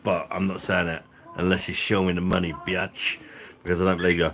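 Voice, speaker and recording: Middle-aged bloke, low-pitched, sweary banter for a live stream. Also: male voice, flat delivery, a little fast, fairly bright tone. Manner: blunt, sweary, jokey banter with chat. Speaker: live streamer and beer reviewer. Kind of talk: casual live-stream chat.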